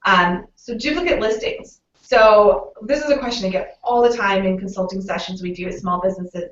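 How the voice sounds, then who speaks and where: Canadian woman giving a casual webinar talk. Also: medium pitch. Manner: casual, explanatory, many "um"s and "you know"s. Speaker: local SEO consultant presenting a webinar. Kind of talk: webinar presentation. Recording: roomy, distant, muffled webinar audio.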